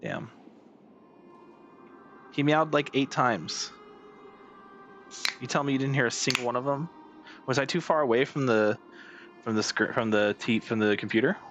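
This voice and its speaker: A man's voice: medium pitch, moderate pace, long pauses, a bit bright. A young man streaming a game, chatting casually with a playful, teasing tone. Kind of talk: casual live-stream chat. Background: game music.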